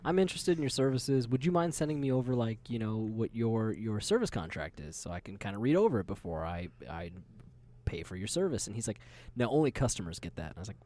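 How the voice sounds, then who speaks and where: A man co-hosting a podcast in casual chat, telling animated, profane stories and laughing hard at his own jokes. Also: fairly low pitch, quick pace. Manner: animated storytelling, laughs hard, swears freely. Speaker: podcast co-host.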